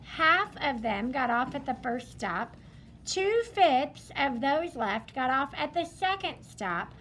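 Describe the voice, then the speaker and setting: A woman's voice: sits high, big pitch swings, slow pace, a bit bright, a little hiss or hum. A woman teacher leading a math lesson in a classroom, upbeat and repeating her students' answers back to them.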